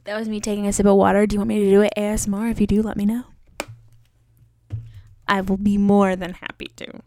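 A woman's voice: mid-range voice, little pitch movement, fast talker, mellow, no room sound. A woman hosting a solo podcast, rambling and joking about herself with lots of fillers. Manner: rambling, joking and self-mocking; chatty with many fillers. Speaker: podcast host. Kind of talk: casual solo podcast chat.

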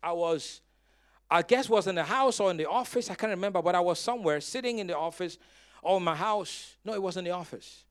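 A male pastor preaching a sermon in a dramatic style, telling stories with humor and breaking into loud bursts of emphasis as he calls on the congregation to respond. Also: high voice, a little fast, smooth. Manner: storytelling with humor.

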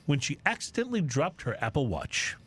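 A man's voice: on the high side, fairly quick, husky. A man co-hosting a podcast, casually chatting and reading out comic news stories. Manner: jokey, animated storyteller. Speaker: podcast co-host.

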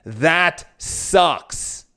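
A man with a somewhat high voice talks straight to his viewers in a casual motivational monologue. He tells stories loosely, restarting often and dropping in the odd swear word. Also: lively intonation, extremely slow, sharp tone. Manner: addresses viewers directly. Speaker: motivational speaker.

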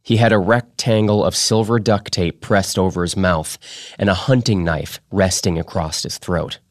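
Reading a piece of fiction for his podcast, the host speaks in a low, deep voice with an even, measured delivery. It's a close, dry recording with no echo.

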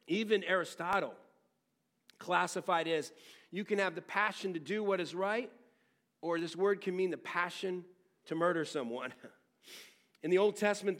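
This middle-aged pastor has a high voice as he preaches, moving between loud, emphatic teaching and quiet, personal stories. He talks frankly and restarts his sentences often.

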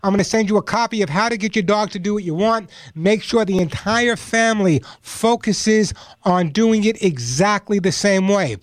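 Man, radio pet show host, high voice, emphatic, repeats himself, dry studio sound. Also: moderate pace, hardly any pauses, dry recording. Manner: emphatic, repeats points, puts on dog voices for jokes. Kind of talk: call-in radio advice.

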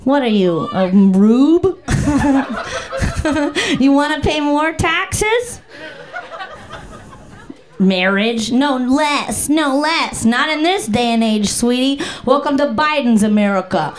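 A woman's voice: sits high, lively intonation, slow pace, pauses often. A woman doing profane, playful crowd-work stand-up on a comedy club stage with a handheld mic. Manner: brash, profane, playful, bursts into song.

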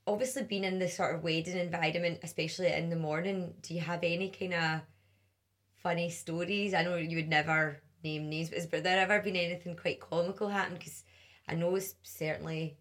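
A woman's voice: on the low side, fairly even intonation, a little fast, a bit bright. A woman hosting an interview, asking questions and chiming in with encouraging affirmations. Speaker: interview host. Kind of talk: friendly interview chat.

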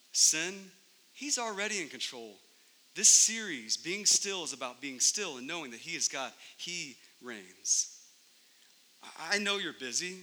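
A man with a slightly high, very bright voice preaches to his church, punching key words loudly and then dropping to a hush. His voice rings out in a large hall with a long reverb. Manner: emphatic preaching, swings between loud peaks and soft drops. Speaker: pastor. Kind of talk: sermon.

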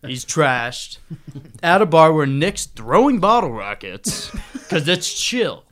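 A man's voice: a little high, sing-song, slow, a bit bright. A man in his late twenties, a podcast co-host, telling a story in wry casual chat. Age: late 20s.

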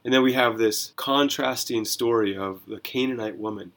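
Rhetorical questions punctuate this pastor's animated, conversational walk through scripture on the Bible reading podcast he hosts. He speaks at a normal speed with a medium pitch.

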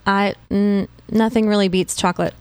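A young woman chatting casually on a podcast with friends. She asks a lot of questions and keeps the back-and-forth quick. Her voice sits at a middle pitch for a woman. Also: fairly even intonation, a little mellow, clean tone, dry recording. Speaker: podcast co-host. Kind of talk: casual chat.

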